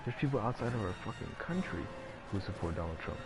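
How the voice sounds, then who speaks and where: A man's voice: fairly low pitch, animated, fast talker, over music. A man giving casual gameplay commentary, ranting in a rambling, profane way and packing his talk with filler words. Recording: noisy background.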